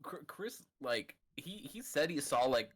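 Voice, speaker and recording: A man's voice: a little high, sing-song, a little slow, a bit bright, slightly rough. Giggly man in casual podcast chat. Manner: giggly, self-deprecating. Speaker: podcast co-host.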